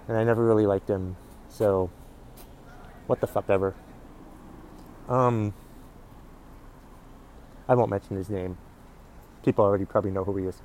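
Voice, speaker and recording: Male comedian host, solo podcast rant recorded outdoors, foul-mouthed and grumbling, mellow low-bright voice, faint background noise. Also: rough recording. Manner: profane, grumbling, ranting. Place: outdoors in public.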